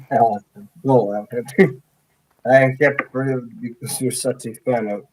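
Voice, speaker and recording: A man hosting a podcast, chatting casually in a halting way with fillers. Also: medium pitch, fairly even intonation, darkish tone, husky, poor audio. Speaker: podcast host. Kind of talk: casual chat.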